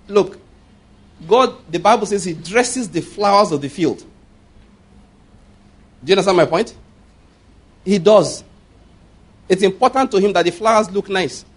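A man in his fifties with a high-sitting voice preaches a sermon emphatically. He repeats his points and checks that his listeners are following.

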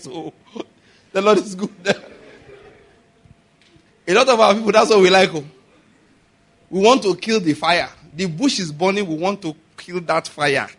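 This sermon comes from a Nigerian-accented male preacher whose voice is high-pitched, husky and slightly raised. Animated and quick to laugh, he keeps engaging the congregation with rhetorical questions.

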